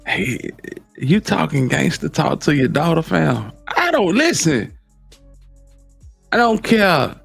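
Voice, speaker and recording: A man's voice: medium pitch, vocal fry, fairly bright tone, no room sound. A man in casual commentary, reacting to clips with slangy, incredulous asides.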